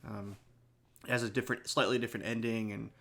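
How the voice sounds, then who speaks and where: A man's voice: on the low side, flat delivery, quick pace, vocal fry, fairly bright tone. A man co-hosting a podcast, talking casually and knowledgeably about films, with many restarts. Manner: knowledgeable, full of restarts and fillers. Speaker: podcast co-host. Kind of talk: casual movie discussion.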